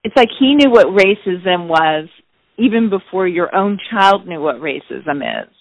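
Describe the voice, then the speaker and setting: A woman's voice: lowish voice, animated, measured pace, no room sound, low-quality recording. A woman hosting a conversation, responding thoughtfully and evenly to her guest. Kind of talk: reflective conversation.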